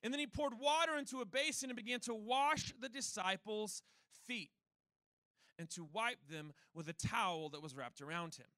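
A man's voice: high voice, moderate pace, sharp tone, no room sound. A young man preaching a sermon as pastor, in a conversational, self-deprecating storytelling manner.

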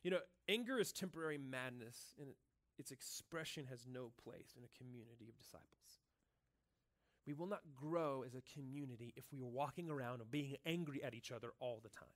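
A pastor preaching in a church, talking in a casual, earnest way, full of "like" and "right?". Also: male voice, mid-range voice, brisk. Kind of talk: conversational sermon.

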